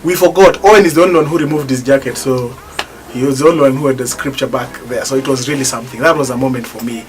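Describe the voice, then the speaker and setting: A gospel singer from East Africa, a man, telling stories animatedly in an interview, bursting into loud exclaims when excited. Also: mid-range voice, quick pace.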